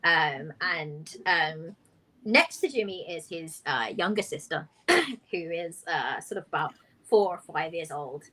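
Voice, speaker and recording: A woman running a tabletop one-shot as game master, narrating in a lively way with many fillers and laughs. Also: low-pitched, unhurried.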